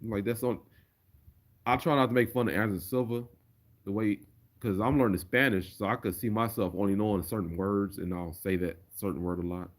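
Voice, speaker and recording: A man's voice: fairly low pitch, steady tone, a little fast. Chatty man reading viewer comments. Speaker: streamer. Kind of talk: casual livestream chat.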